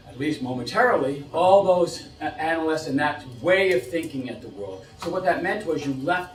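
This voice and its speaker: Recorded at a distance, a slightly high-pitched middle-aged man from the U.S. gives a talk to an audience as a policy expert. The room echoes, and his manner is animated, with repeated phrases and rhetorical questions.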